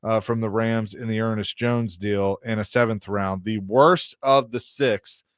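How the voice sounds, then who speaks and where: Easygoing sports radio host, dry sound. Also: male voice, fairly low pitch, fairly even intonation, unhurried, clear, resonant tone, dry recording. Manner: laughs easily, reads out news notes and draft picks. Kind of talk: casual sports radio talk.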